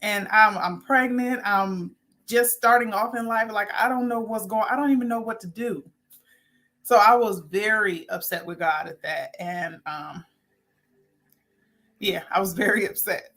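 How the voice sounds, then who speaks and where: A woman's voice: mid-range voice, measured pace. A woman hosting a spiritual talk show, speaking loosely, often correcting herself and laughing lightly at her slips. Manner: warm, rambling, self-correcting with little laughs. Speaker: host.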